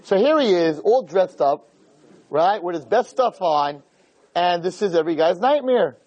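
A man preaching with a comic streak, voice sitting a little high and leaping around in pitch as he tells his story. He slips into the characters' voices and keeps asking his listeners if they understand. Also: measured pace, highs cut off. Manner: animated storyteller, acts out dialogue, addresses listeners directly. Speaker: rabbi teaching a class. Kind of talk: humorous sermon with storytelling.

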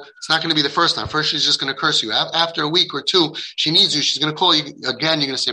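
A man's voice: on the high side, fast talker, hardly any pauses, pushed and bright, low-quality recording. A man giving a heartfelt lecture to parents, speaking emphatically, acting out the dialogue he quotes, and dropping in Hebrew and Yiddish religious terms. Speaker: parenting guide addressing parents.

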